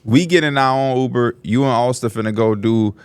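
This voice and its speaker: With a fairly quick, smooth voice and no room sound, a man co-hosting a podcast spins stories in casual chat. He's animated, imitating the people he quotes through big pitch jumps.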